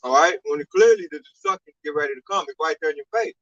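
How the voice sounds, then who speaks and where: Brief: male discussion member, slightly high, bright voice, halting then firm, lo-fi sound. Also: expressive, creaky. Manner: hesitant, many fillers, then forceful. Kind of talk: casual discussion.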